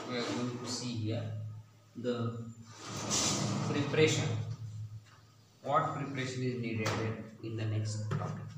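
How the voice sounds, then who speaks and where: A man teaching grammar, explaining slowly and repeating example phrases. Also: mid-range voice, a bit bright, slight background noise. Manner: slow, repetitive explaining with drawn-out words. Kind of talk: classroom-style grammar lesson. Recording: very echoey room, distant mic.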